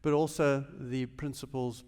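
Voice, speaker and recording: A man with a South African accent tells his life story to a chapel audience, now quiet and now suddenly loud as the story builds. His voice rings with a long reverb from the large auditorium. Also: medium pitch, a little slow, smooth. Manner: animated storytelling with sudden shifts in loudness. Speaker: guest speaker, business leader. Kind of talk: chapel talk, personal testimony.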